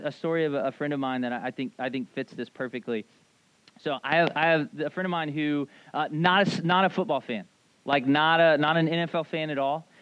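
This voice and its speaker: Speaking in a higher-than-average register, this pastor keeps his sermon loose and lively, often tossing in "like" and asking "right?". He performs brief quotations as he goes, and the lo-fi audio has no room sound.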